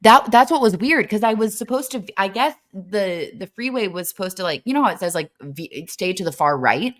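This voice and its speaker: A young woman co-hosting a podcast, telling a story in a chatty, animated way. She keeps the talk casual and leans on fillers as she goes. Her voice sits at an ordinary middle pitch. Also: a little fast. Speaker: podcast co-host.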